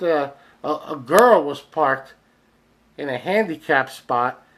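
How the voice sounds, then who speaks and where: A man rants through strange news stories on a comedy podcast, his bright, slightly high voice full of disbelief. He swears freely and sometimes shouts as he acts out the people involved. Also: poor audio. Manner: incredulous, ranting, profane. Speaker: podcast host. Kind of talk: comedic rant.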